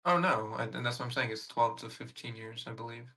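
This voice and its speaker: A man's voice: mid-range voice, brisk, bright, forceful tone, rough recording. A tired man in casual voice chat, talking hesitantly with fillers and trailing off. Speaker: voice chat participant.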